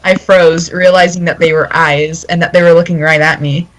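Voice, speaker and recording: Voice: mid-range voice, flat delivery, normal speed. Giggly young reader narrating a fanfic to friends, lots of slips, heavy static on the call. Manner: giggly, stumbles and corrects itself while reading. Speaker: narrator reading a fan story aloud. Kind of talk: casual group reading on a voice call. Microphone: voice call mic. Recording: very noisy voice call audio.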